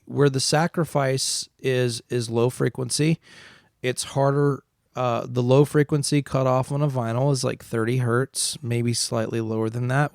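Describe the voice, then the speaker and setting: A man's voice: medium pitch, gravelly, darkish tone, no room sound, studio quality. A man co-hosting an audio podcast, talking casually and opinionated, rambling through his points in a self-described facts-guy way. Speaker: podcast co-host. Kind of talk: casual chat.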